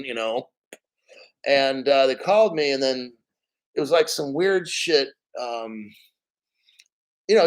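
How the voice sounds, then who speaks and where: On a casual crypto stream, a fairly high-voiced male host rants bluntly, rambling and swearing freely. The recording quality is low.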